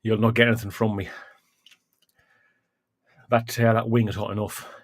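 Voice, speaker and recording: A man's voice: fairly low pitch, level tone, normal speed, dry recording, studio quality. A man hosting a casual livestream, chatting between coughs, sighs and exclamations as he eats hot chilli. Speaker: livestream host.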